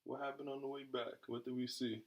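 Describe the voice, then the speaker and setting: A man's voice: mid-range voice, little pitch movement, quick pace, poor audio. A man in his thirties from New York co-hosting a couple's podcast, easygoing, laughing often and rambling with restarts. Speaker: podcast co-host. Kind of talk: casual couple chat.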